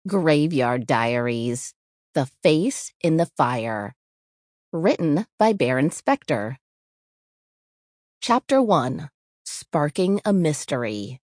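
Low-voiced woman reading a spooky storybook. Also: no echo, studio quality. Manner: measured, expressive reading with character voices. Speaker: audiobook narrator. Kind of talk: scripted storybook narration.

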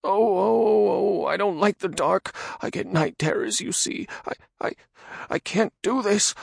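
A quivering, shrill voice for a panicked fat prisoner in a storybook reading. He whines and pleads in a pitch far above a normal speaking voice, swinging all over. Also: lively intonation, measured pace, gravelly, slightly rough, dry recording, studio quality, exaggerated voice. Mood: frightened. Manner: whiny and frightened.

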